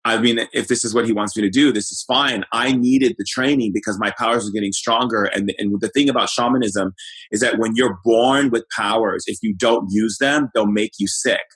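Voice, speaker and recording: A middle-aged man and shaman guest, recounting his childhood in a relaxed, searching way with many fillers and restarts. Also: lowish voice, fairly quick, breathy edge, poor audio. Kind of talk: personal storytelling in an interview.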